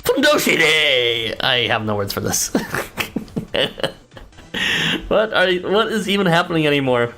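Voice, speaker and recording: Woman streamer, low pitch, animated delivery; laughs and swears through game commentary. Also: normal speed, pauses often, faint music behind. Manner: laughing, swearing, incredulous asides. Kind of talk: game playthrough commentary, reading lines aloud.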